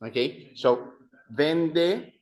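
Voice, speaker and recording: A man leading an adult Spanish class, speaking slowly and deliberately. His voice sits a little high for a man, and he repeats each word patiently so his students can practice it. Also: expressive, darkish tone, low-quality recording. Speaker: Spanish teacher. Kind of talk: adult evening class teaching.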